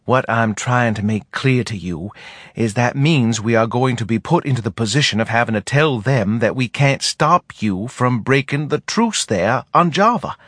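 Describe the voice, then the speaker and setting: A man's voice: medium pitch, animated, moderate pace, a bit bright, dry recording, studio quality. A man voicing a feeble, whining older male commander who sounds out of breath and pleads in long-winded official phrases. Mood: pleading, stern. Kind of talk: audiobook character reading.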